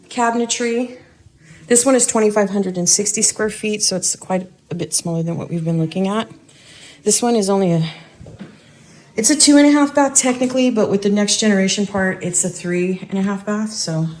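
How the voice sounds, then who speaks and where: A woman's voice: medium pitch, normal speed, a little mellow. A woman casually narrating a house walk-through indoors, thinking aloud and hedging her guesses as she goes. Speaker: vlogger giving a house tour.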